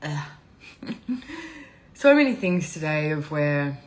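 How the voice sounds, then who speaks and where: A woman's voice: low-pitched, sing-song, slow, rough recording. A woman hosting a live stream, talking in a rambling, candid and emotional way, teary and laughing often. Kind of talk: casual live-stream talk.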